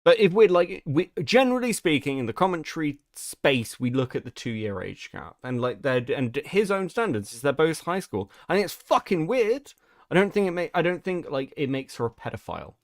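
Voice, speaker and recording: A man's voice: on the high side, big pitch swings, normal speed, dry recording, studio quality. Mocking British man on a stream. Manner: profane, mocking, loud outbursts. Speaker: streamer host. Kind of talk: live-stream commentary.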